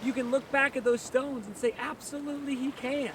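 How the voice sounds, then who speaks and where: A male pastor giving an energetic outdoor sermon on a beach, full of rhetorical questions. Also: very high voice, fairly quick. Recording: distant mic with clear surf noise.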